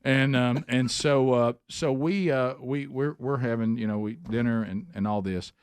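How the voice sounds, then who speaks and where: Radio host, halting and filler-heavy, dry studio sound, mid pitch. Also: male voice, clear, resonant tone, no echo. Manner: halting, many fillers and restarts, acts out home scenes. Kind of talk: casual morning radio chat. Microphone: studio microphone.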